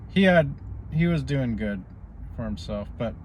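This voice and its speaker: A man's voice: medium pitch, lively intonation, a little slow, a little mellow, a little hiss or hum. A man vlogging in a rambling, casual way, stopping often on "you know" as he drifts from politics to personal life.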